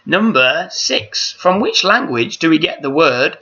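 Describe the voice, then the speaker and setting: A man's voice: on the high side, sing-song, measured pace, hardly any pauses, pushed and bright. A man hosting a charity quiz over a video call, chatty and rambling, reading out each question twice. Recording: dull lo-fi call audio.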